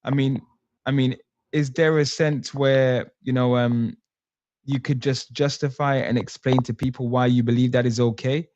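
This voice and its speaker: A man's voice: mid-range voice, little pitch movement, normal speed, a little mellow, dry recording. A man asking questions in a live discussion, hesitant and circling his point. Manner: hesitant, many fillers and restarts. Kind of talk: halting questioning. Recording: dull, muffled stream audio.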